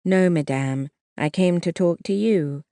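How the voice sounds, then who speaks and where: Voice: medium pitch, a little slow, gravelly, mellow, no echo, clean studio sound. A narrator voicing a timid, self-doubting young woman who speaks hesitantly and earnestly.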